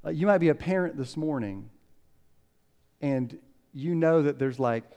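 A pastor giving a conversational sermon, telling stories and acting out quotes with lively ups and downs. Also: male voice, a little high, a little slow. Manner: conversational, animated storytelling with acted quotes.

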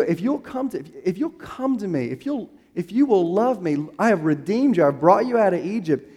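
Animated high-voiced male preacher. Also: long reverb tail. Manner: emphatic, rising to a preaching crescendo; restarts and fillers while finding the verse. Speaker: pastor. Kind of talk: sermon.

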